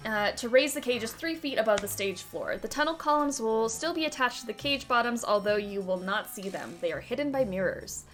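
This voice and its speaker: A woman's voice: on the high side, expressive, brisk, few pauses, a bit bright, soft background music. A woman hosting a video game let's-play, chatting casually, reading instructions aloud and giggling often. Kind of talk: casual gameplay commentary.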